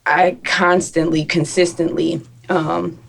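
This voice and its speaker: A woman with a low voice speaks as a guest in a discussion. She talks slowly and deliberately, pausing between phrases and stressing her key words. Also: little pitch movement, vocal fry, slightly rough. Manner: slow, deliberate, emphatic. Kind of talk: casual discussion.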